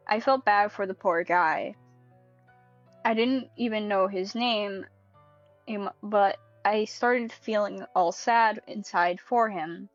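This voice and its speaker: A woman's voice: mid-range voice, no echo, dull audio, soft background music. A young woman reading a creepypasta aloud in a casual way, breaking off to laugh and comment. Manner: quick, giggly and sweary. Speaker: creepypasta reader.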